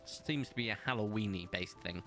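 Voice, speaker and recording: A man's voice: fairly low pitch, fairly quick, fairly bright tone, faint music behind. A British man streaming a game, chatting casually with viewers, reading chat aloud and laughing often. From Britain. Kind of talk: casual live-stream chat while gaming.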